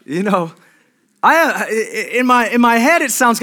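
A man's voice: extremely high pitch, very animated, unhurried, pushed and bright. A middle-aged man preaching a sermon as pastor, conversational and humorous, with restarts and asides to the congregation.

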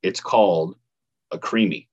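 A man's voice: low voice, a little slow, darkish tone, husky, dull audio. A man in his thirties with a Midwestern American accent, casually telling a travel story on a podcast and laughing easily. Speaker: podcast co-host. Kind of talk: casual chat.

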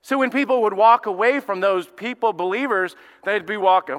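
Southern pastor guy, high bright voice, chatty rambling storyteller, echoey big hall. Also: moderate pace, hardly any pauses, smooth. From Alabama, US. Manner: casual storytelling with many fillers and restarts. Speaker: lead pastor. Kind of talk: conversational sermon.

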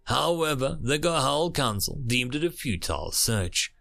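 A man narrating a dramatic story in a lively, animated voice whose pitch rises and falls a great deal. He reads steadily and expressively, like an audiobook. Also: measured pace, vocal fry.

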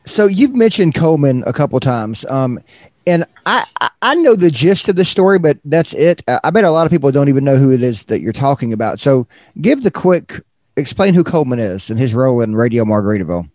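A man's voice: medium pitch, big pitch swings, fairly quick, a little mellow, no room sound, clean studio sound. A man hosting a casual interview, asking eager conversational questions. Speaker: interview host.

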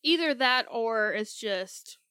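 A woman co-hosts a casual movie podcast, chatting playfully and laughing easily. Her voice sits a little high, smooth and resonant. The recording is close and dry, with no room sound. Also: animated, slow, bright, forceful tone, no echo. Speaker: podcast co-host. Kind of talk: casual movie-recap chat.

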